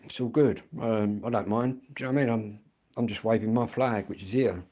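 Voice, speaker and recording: A man's voice: lowish voice, steady tone, fairly quick, warm tone. A middle-aged man from England, rambling bluntly in a casual livestream chat and swearing freely.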